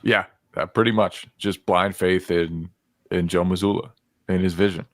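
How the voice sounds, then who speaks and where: A man co-hosting a casual sports podcast, giving measured, thoughtful analysis. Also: sits low, steady tone, no room sound, clean studio sound. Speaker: podcast co-host and beat reporter.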